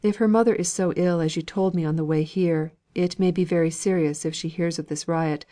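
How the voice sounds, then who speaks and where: A sensible male doctor, measured and reasonable, read by a woman narrator in her own somewhat low voice. The tone is steady. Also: lightly acted.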